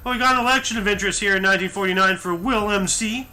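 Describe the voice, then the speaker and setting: Bright-voiced man hosting a casual chat. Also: high voice, racing. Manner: jokey, slips into a mock Australian accent. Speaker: podcast host reading historical events.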